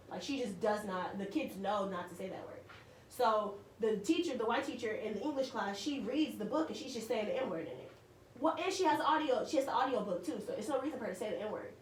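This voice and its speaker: A woman talking heatedly in a casual group conversation on a talk show, telling stories in an animated way. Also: a little high, fairly quick. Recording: roomy, distant mic with background noise.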